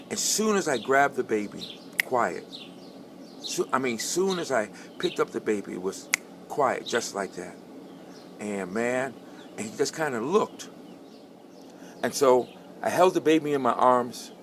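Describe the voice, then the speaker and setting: A middle-aged man tells a personal testimony in a plain, medium-pitched voice. He talks conversationally, circles back on phrases for emphasis and rises into fervent peaks. A faint hiss sits under the recording. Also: expressive, unhurried, long pauses, a bit bright. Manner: conversational, repeats himself for emphasis, builds to fervent. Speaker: storyteller sharing a testimony.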